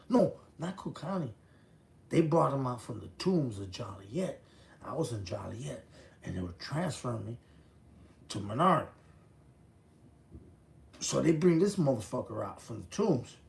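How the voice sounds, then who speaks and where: Gritty fifties man from the Chicago area, raspy and mid-range, swearing freely as he tells his own tale. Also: mid-range voice, darkish tone. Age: 50s. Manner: profane, blunt, street-talk storytelling. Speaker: former prisoner telling his story. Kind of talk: casual storytelling.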